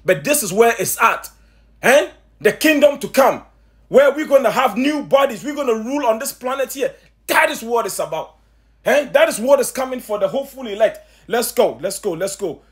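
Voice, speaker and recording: High-voiced emphatic male preacher. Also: moderate pace. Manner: emphatic, repeats words, calls listeners "family", asks rhetorical questions; stammering restarts when excited. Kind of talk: impassioned sermon commentary.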